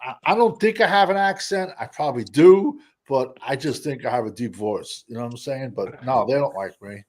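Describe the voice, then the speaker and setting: A man from New York with a New York accent, chatting casually with friends in profane, animated slang. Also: medium pitch, normal speed, few pauses. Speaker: group chat participant. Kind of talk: casual chat.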